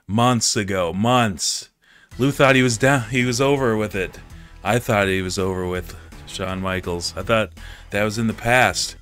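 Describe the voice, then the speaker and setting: A man's voice: lowish voice, a little slow, fairly bright tone, no echo, soft background music. A man streaming a wrestling game, playing a theatrical announcer who talks to viewers as folks and acts emotional. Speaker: gameplay streamer. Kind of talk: mock wrestling announcer commentary over gameplay.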